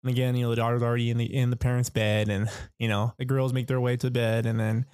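A man's voice: mid-range voice, little pitch movement, quick pace, a little mellow, smooth, no room sound, studio quality. A young man casually telling a long personal story, rambling and profane, full of fillers like "like" and "you know.".

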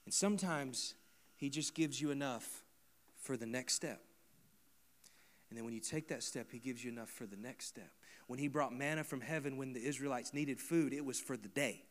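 A male pastor delivering a sermon to his congregation at a church service. His voice sits at an ordinary middle pitch. He drops into quiet, personal asides and then builds to loud, emphatic repetition. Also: moderate pace.

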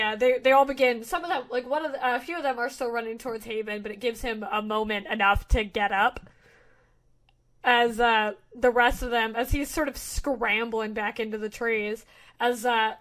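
A young woman narrates a tabletop game as its game master, her voice sitting a little high. She talks in halting bursts, full of fillers and restarts. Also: a bit bright. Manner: hesitant, lots of fillers and restarts.

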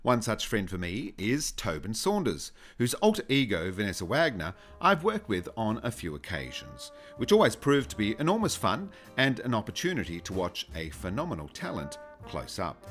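A man hosting a podcast, who gives a scripted intro and then interviews a guest in a friendly, measured way. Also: lowish voice, huge pitch swings, fairly bright tone, faint music behind. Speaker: podcast host.

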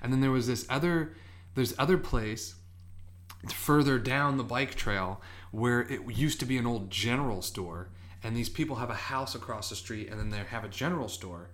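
Man, casual podcast storyteller, rambling anecdotes, acted-out quotes, medium pitch. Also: normal speed, a bit bright. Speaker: podcast co-host.

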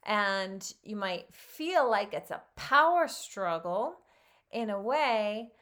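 A woman who works as a health coach slowly reads a children's story in a mid-range voice, then talks about it in an animated way, breaking into laughs frequently.

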